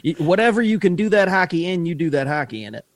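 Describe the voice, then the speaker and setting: A man's voice: sits high, big pitch swings, quick pace. A man co-hosting a casual podcast, giving hockey takes with hedges and repeated words. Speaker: podcast co-host, hockey analyst. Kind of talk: casual chat.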